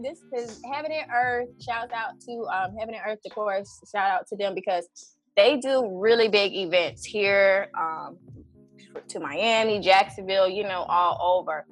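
A woman in her thirties telling a personal story in casual conversation, animated and acting out her own prayers with lots of "you know". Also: mid-range voice, a little slow, faint music behind. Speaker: event organizer and guest.

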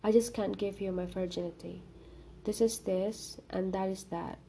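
A woman's voice: medium pitch, steady tone, normal speed, gravelly, mellow, a little hiss or hum, close to an everyday voice. A woman voicing a frightened young woman student who is anxious and tearful, in a storybook reading. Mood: gentle.

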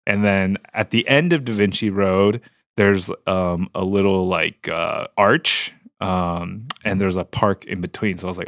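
Low-voiced young man, easygoing chat. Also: moderate pace, vocal fry, a bit bright, dry recording, studio quality. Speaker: co-host. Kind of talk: casual podcast chat.

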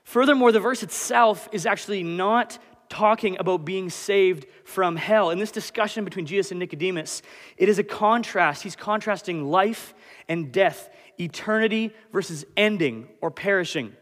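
A man in his late twenties preaching a sermon as pastor, animated and conversational. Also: sits high, moderate pace. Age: 20s. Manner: animated, conversational, self-deprecating. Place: church hall. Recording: long hall reverb.

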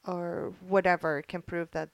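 A middle-aged woman with a fairly low voice tells a story in an earnest, heartfelt way, pausing often with ums and restarting her sentences. The recording is dry, with no room sound. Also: level tone, smooth, no room sound. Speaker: organizer of a military spouse program. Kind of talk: casual conversational storytelling.

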